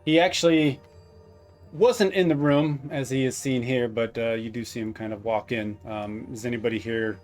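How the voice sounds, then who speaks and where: Man, game master, middle pitch, halting narration, soft music behind. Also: fairly even intonation. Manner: halting, with many fillers and restarts. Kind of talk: narrating a tabletop role-playing game.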